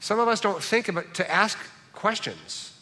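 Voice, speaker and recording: A man's voice: high-pitched, sing-song, moderate pace, bright, forceful tone. A middle-aged man preaching a sermon as pastor, in a conversational, joking and self-deprecating way, in a church sanctuary. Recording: reverberant church hall.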